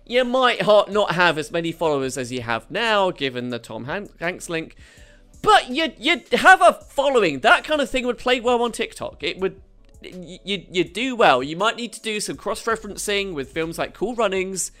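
Brief: host, lively swooping pitch, sarcastic, faint music bed. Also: normal speed. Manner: sarcastic, mocking, animated. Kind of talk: comedic news commentary.

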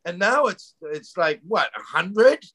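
Rambling Canadian-raised man, slightly high voice. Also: expressive, takes it slowly, bright, forceful tone. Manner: rambling, laughing, swears and says "man" a lot. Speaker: podcast co-host. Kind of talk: casual chat.

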